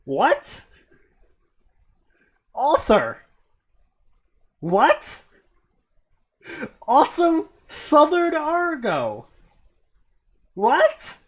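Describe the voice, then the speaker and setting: A man's voice: very high-pitched, huge pitch swings, drawn-out words, long pauses, a bit bright. A man hosting a comedy show, reading fanfiction aloud and breaking off to mock it in disbelief. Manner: incredulous, mocking asides. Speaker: host.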